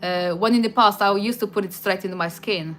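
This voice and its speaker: A woman's voice: medium pitch, brisk, a bit bright, soft background music. A woman from Portugal with a Portuguese accent, hosting a livestream and chatting casually through viewer comments, with frequent hesitations and restarts. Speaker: livestream host.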